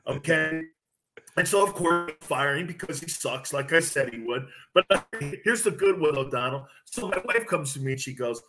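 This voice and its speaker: Animated man telling sports stories. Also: on the high side, moderate pace, soft background music. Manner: animated, acts out quotes from others. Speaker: sports radio host, guest. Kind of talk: casual sports talk storytelling.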